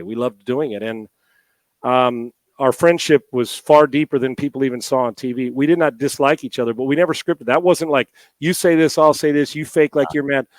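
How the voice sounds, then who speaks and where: Heartfelt and emotional to the point of nearly crying, a middle-aged former NFL quarterback turned radio host keeps restarting his sentences as an interview guest. His voice sits mid-range, and there's no room sound.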